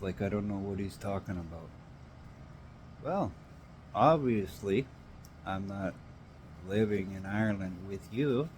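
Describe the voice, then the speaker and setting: A man's voice: on the low side, a little mellow, a little hiss or hum. A Canadian man ranting in an angry, emphatic monologue, swearing now and then.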